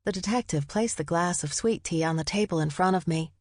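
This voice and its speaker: A woman's voice: lowish voice, fairly quick, darkish tone, no room sound, clean studio sound. A woman audiobook narrator reading a first-person story in a wry, conversational way.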